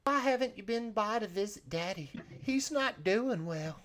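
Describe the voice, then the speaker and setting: Rich: A man putting on a young farm girl in a tabletop game, voice raised high. She speaks sweetly, pleading with worry. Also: animated, normal speed, fairly bright tone.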